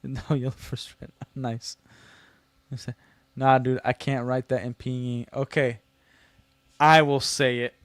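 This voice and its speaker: A male livestream host chats casually and jokes with his viewers. His voice is smooth and clear at a middling pitch. The sound is dry and close, with no room echo. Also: little pitch movement, slow pace, pauses often. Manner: reads chat messages aloud and answers them, joking and teasing; slangy, loose delivery with many fillers.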